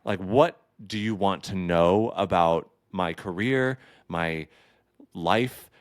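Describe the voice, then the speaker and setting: Podcast host, man in his thirties, campy and caffeinated, deep smooth voice. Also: slow pace, no room sound, studio quality. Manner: chatty and playful, with campy asides. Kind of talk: casual solo podcast chat.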